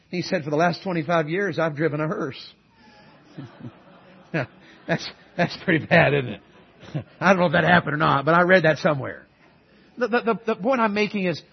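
A middle-aged man delivers a sermon in a high-pitched, slightly husky voice. He calls out to the congregation for amens and moves between loud urging and soft, earnest asides. The recording sounds muffled and lo-fi. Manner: call-and-response preaching, shifting between loud exhortation and quiet earnest asides. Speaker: guest preacher.

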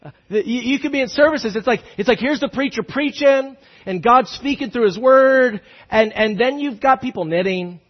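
A pastor delivers a sermon in a high, husky man's voice. He tells stories with lots of restarts and swings between loud and hushed passages. The sound is a little dull and lo-fi. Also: normal speed, hardly any pauses. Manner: animated storytelling with many restarts, shifting between loud and hushed.

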